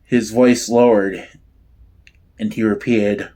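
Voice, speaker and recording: A man reads a novel aloud at a very slow, deliberate pace. He often trips over phrases and starts them again. His voice sits at an ordinary middle pitch. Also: fairly even intonation, darkish tone. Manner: slow, halting reading with restarts. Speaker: audiobook reader. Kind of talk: amateur audiobook narration.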